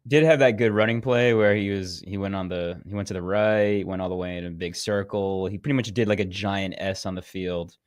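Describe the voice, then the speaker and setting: A man's voice: deep voice, steady tone, fairly quick, hardly any pauses, dry recording, studio quality. A man co-hosting a casual sports podcast, laid-back and drawling as he tells stories. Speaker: podcast co-host.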